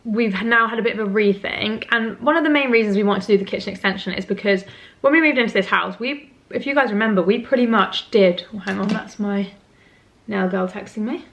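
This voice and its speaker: A woman's voice: mid-range voice, brisk, a bit bright. Chatty British woman vlogging at home. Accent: British English. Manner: rambling, chatty, many ums and likes, laughs often. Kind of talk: casual chatty vlog. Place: her home, indoors.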